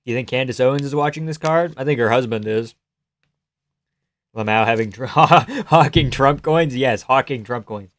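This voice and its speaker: A young man from Canada hosts a livestream in a loose, cursing, sardonic way, riffing on the chat as it comes in. His voice comes across smooth and clear. The mic sounds close and dry, with no room sound. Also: medium pitch, fairly even intonation, brisk, no room sound. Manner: profane, sardonic, reads chat aloud. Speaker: livestream host. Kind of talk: casual chat.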